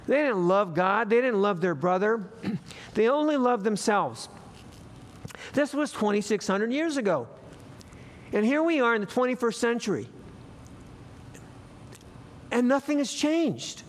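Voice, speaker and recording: Man, pastor, high pitch, sermon, storytelling, emphatic repeats. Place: empty church room.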